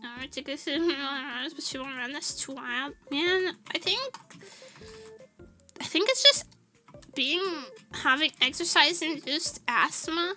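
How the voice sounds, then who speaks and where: A young woman streamer talks loosely with her chat, laughing often and dropping casual swears. Her voice sits high and sounds very bright and sharp. Faint music plays behind her. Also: measured pace, hardly any pauses. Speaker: VTuber streamer.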